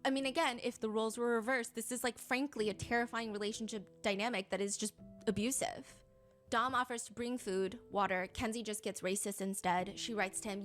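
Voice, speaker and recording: Animated young woman reading texts aloud. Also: fairly high pitch, fairly quick, soft background music. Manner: reads out text messages in an animated, indignant way. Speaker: commentary channel host. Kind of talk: casual true-crime commentary.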